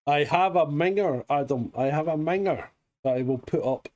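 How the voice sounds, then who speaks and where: A man's voice: a little high, moderate pace, darkish tone. A man co-hosting a casual live stream chat, joking in an offhand way. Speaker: co-host.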